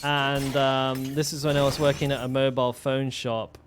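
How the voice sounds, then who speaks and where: A man's voice: mid-range voice, little pitch movement, moderate pace, faint music behind. A young man streaming a game, telling stories in a rambling way, swearing freely with lots of fillers and restarts. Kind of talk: casual storytelling while gaming.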